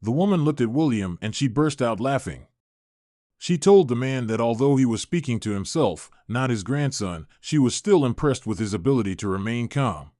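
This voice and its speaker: A man narrating a scripted viral story in an even, measured way. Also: mid-range voice, dry recording, clean studio sound.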